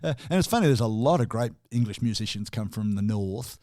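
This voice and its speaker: A man with an Australian accent co-hosting a relaxed music talk show, chatting easily with chuckles and restarts. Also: fairly low pitch, a little fast, dry recording, clean studio sound. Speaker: radio co-host. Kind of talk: casual chat.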